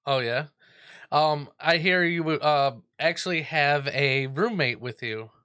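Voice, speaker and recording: A man's voice: a little high, slow, pushed and bright, smooth. A man hosting a radio show, asking questions with lots of ums and uhs. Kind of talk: casual interview.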